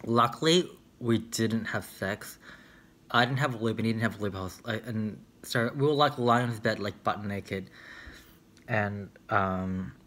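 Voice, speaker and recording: A man's voice: on the low side, measured pace, a bit bright. Chatty young man telling stories. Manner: candid, chatty, filler-heavy storytelling. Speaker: vlogger. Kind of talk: casual storytime vlog.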